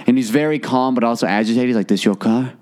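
Male podcast host, animated storyteller, slips into voices for the people in his story. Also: medium pitch, fast talker. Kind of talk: casual storytelling chat.

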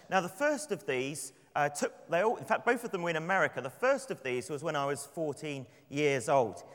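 A man from London with an English accent, preaching a sermon and telling personal stories in a relaxed, conversational way. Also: fairly high pitch. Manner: conversational, anecdotal, with light laughs. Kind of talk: sermon with prayer and storytelling. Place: church. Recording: long church reverb.

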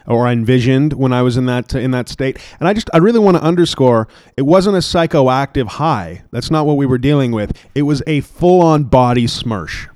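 A man's voice: medium pitch, lively intonation, moderate pace, hardly any pauses, darkish tone, no echo, studio quality. A man co-hosting a casual podcast, rambling and joking with lots of restarts and fillers. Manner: rambling, jokey, many restarts. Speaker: podcast co-host.

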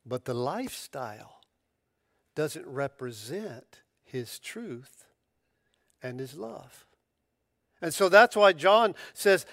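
A man preaching a sermon as a pastor, emphatic and animated, often stumbling over restarts as he builds to a point. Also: mid-range voice, takes it slowly, dry recording, studio quality.

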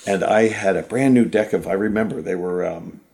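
A man in his fifties from Ohio, a magician guest telling lively anecdotes in casual conversation. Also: low-pitched, fairly quick, gravelly, slight background noise. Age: 50s. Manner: animated anecdotes, mimics people he quotes. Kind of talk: casual storytelling.

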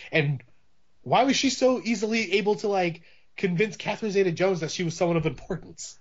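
Casting note: man co-hosting a movie chat, voice a bit high, rambling, lo-fi dull audio. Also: animated, brisk, breathy edge. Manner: rambling, many restarts and fillers. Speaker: podcast co-host. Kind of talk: casual movie discussion.

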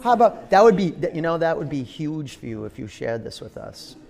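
A man's voice: a little high, big pitch swings, brisk, creaky, darkish tone. A man teaching a yoga class in a studio, counting down holds and coaxing students in a playful, encouraging way. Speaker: yoga instructor.

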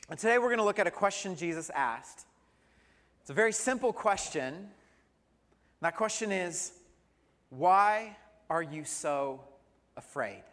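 A man's voice: sits high, a bit bright, in a large hall. A man preaching a sermon as pastor, telling a humorous personal story. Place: church sanctuary.

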